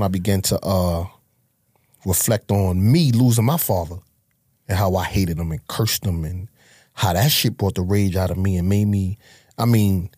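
In a candid life-story interview, a Harlem, New York native speaks with blunt, emotional profanity. His lowish, darkish voice is slightly rough, captured in studio quality without room sound.

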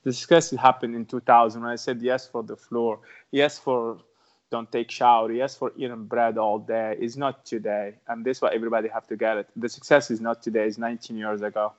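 A slightly fast, level-toned man with a mid-range voice speaks as a podcast guest, telling his own story in broken English and an Arabic accent. He repeats phrases earnestly for emphasis, and the sound is dull lo-fi.

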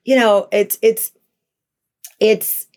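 Woman, middle-aged, interview guest, lively storyteller, candid, acts out quoted voices. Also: medium pitch, extremely slow. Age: 40s to 50s. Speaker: talk show host, guest.

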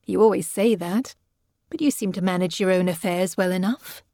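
A woman's voice: lowish voice, normal speed, warm tone, no room sound, studio quality, close to an everyday voice. A cool, sardonic governess, read by a woman. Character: dry-witted, composed young governess.

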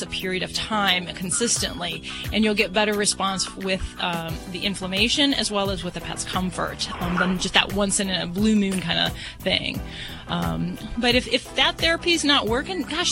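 A woman's voice: mid-range voice, poor audio. A woman veterinarian answering a caller on the radio in a chatty, hedging way with many ums. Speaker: veterinarian guest. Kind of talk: radio call-in advice.

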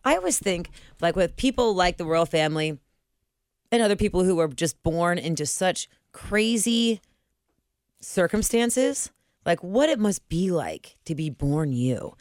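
A woman's voice: lowish voice, animated, a little slow, darkish tone, dry recording, studio quality. A woman from Ohio co-hosting a podcast, chatting and musing casually. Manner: chatty, musing, laughs easily. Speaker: podcast co-host. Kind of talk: casual chat.

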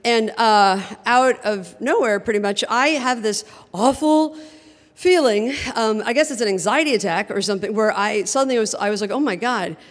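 A woman with a fairly high voice tells a true story from a theater stage, animated and quick to laugh. Her voice carries a long reverb from the hall. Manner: animated and humorous, laughing through the telling. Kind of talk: first-person storytelling on stage. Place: theater stage before a live audience.

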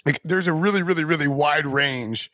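A man's voice: fairly high pitch, normal speed, bright, forceful tone, no echo, clean studio sound. Rambling man talking football drafts. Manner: rambling, many restarts and fillers. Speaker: podcast host. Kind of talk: casual sports talk.

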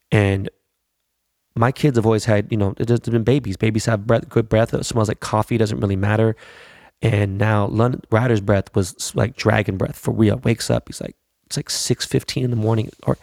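A man's voice: lowish voice, steady tone, normal speed, vocal fry, pauses often, darkish tone, dry recording, clean studio sound. A man chatting casually about his weekend in a slangy, profane, rambling way. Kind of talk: casual chat.

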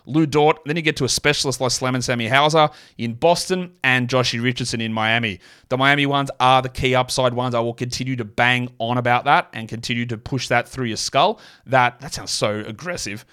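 A man's voice: medium pitch, fairly bright tone, clean tone. A man hosting a fantasy basketball podcast, talking through his picks in a rambling, self-correcting way full of fillers. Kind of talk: solo podcast analysis.

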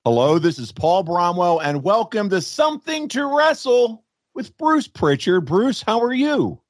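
A man with a middle-pitched voice that moves a lot as he talks, a bit hoarse this morning. He hosts in a friendly, chatty way, recorded dry and close to the mic. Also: sing-song, a little slow, dry recording. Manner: friendly, chatty, reads ad copy. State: slightly hoarse. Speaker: podcast host. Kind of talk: casual podcast chat.

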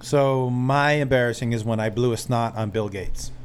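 Man podcast co-host, dry teasing storyteller, mid pitch, faint hiss. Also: normal speed. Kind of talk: casual chat, storytelling.

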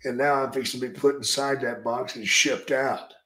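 A man's voice: medium pitch, steady tone, normal speed, a bit bright. Profane drawling man in an echoey room. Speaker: podcast host and retired wrestler telling stories. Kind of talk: casual storytelling.

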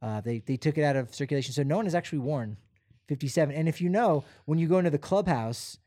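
A man's voice: on the high side, quick pace, no echo, studio quality. A man co-hosting a podcast, chatting casually and rambling with fillers. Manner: relaxed, rambling, many fillers. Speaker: podcast co-host. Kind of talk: casual sports chat.

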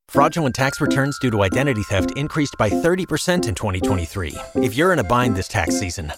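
Man reading an ad over music. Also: medium pitch. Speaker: ad announcer. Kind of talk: scripted ad read. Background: loud music.

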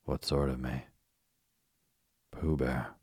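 A mild, simple-minded teddy bear voiced by a man reading a bedtime story talks in an extremely deep, husky and flat tone. He speaks slowly, and the recording is dry and close. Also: no room sound, full character voice. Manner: slow, gentle and mild.

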